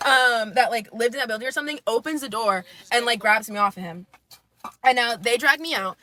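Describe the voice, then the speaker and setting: A young woman in her twenties from the United States, a podcast guest telling a story in a casual, animated, profane and heated way. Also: a little high, a little fast. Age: 20s.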